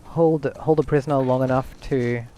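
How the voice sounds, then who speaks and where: A man streams a game and talks through it in a loose, rambling way, thinking aloud and chatting with viewers. His voice sits at an ordinary middle pitch. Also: fairly even intonation, moderate pace, dark tone, a little hiss or hum. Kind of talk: casual gameplay commentary.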